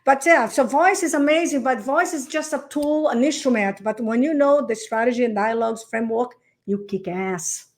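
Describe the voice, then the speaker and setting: Animated woman. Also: a little high, normal speed, few pauses. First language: Portuguese. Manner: animated, acts out phone calls, says darling. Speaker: real estate coach. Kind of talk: podcast interview.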